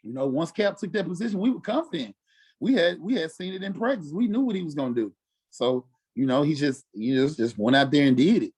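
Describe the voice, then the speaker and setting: A former football player from Mississippi, telling stories casually and acting out quotes with lots of "you know what I'm saying". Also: male voice, on the high side, lively intonation, a little fast, a little mellow, husky. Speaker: former NFL fullback, podcast guest. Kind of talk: casual storytelling interview.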